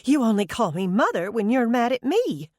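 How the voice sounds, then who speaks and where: Woman playing a suspicious daughter, sharp, insistent, raised pitch, dry. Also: very animated, moderate pace, no room sound. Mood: irritated. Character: suspicious, blunt grown daughter.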